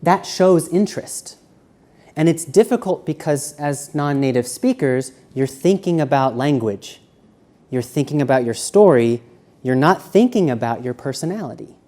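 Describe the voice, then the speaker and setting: A man giving a live seminar lecture, walking around and shifting between quiet, slow speech and loud emphasis. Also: a little high, animated. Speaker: seminar presenter. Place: university seminar room.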